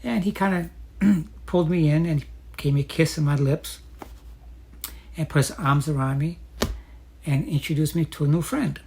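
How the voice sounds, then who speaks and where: A woman telling her own dating story in a chatty, reflective way, often pausing with fillers. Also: low-pitched, creaky, a little mellow, slight background noise. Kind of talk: casual personal storytelling.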